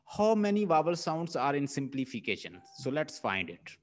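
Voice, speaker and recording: A man's voice: a little high, sing-song, normal speed. A man with a Pakistani English accent teaching a linguistics lesson, repeating points and sounding out words syllable by syllable. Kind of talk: classroom lecture.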